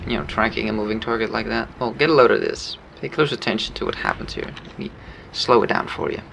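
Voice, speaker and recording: A man giving casual commentary over his own gameplay, relaxed, laughing often and explaining his moves. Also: fairly low pitch, quick pace, gravelly, a little hiss or hum.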